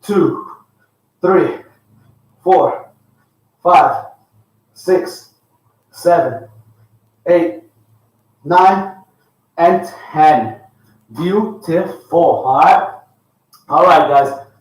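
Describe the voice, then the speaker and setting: A fitness coach leading a live workout, counting reps aloud and giving upbeat cues. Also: male voice, fairly high pitch, very slow, pauses often. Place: home workout space with a dog. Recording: echoey room, far from the mic.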